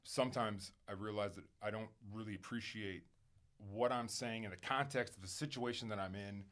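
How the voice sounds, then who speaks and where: A man speaking candidly as a podcast guest, emphatic and animated at times, then quiet and reflective, swearing casually and using plenty of fillers. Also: lowish voice, normal speed. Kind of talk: candid conversational interview.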